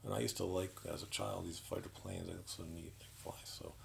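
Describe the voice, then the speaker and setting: A man delivering an indignant, sarcastic political commentary monologue, halting with frequent restarts. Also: low voice, flat delivery, creaky, a little hiss or hum, poor audio.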